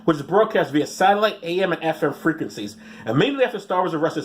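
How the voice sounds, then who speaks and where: Man, sarcastic news riffing, rambling asides, lively up-and-down delivery. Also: on the high side, slight background noise. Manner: rambling, mocking asides, mumbled "blah blah" skips. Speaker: vlogger reading news stories.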